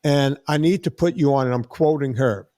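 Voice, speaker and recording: Speaking at a moderate pace in a mid-range voice, this sixty-something podcast host tells a long story and acts out what the people in it said, full of animation. The sound is clean, dry, and studio-made.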